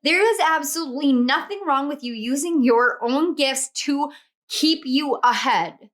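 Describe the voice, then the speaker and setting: A woman with a fairly high voice gives a casual tarot reading to camera. She gushes with affection and circles back to the same encouragements again and again. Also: unhurried, a bit bright. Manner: effusive, affectionate, repeats encouragements. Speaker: tarot reader.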